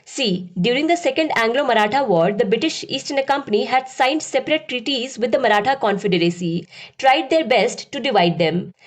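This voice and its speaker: A woman narrating a scripted history lesson as a teacher, in a steady, explanatory lecturing manner. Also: a little high, a little fast.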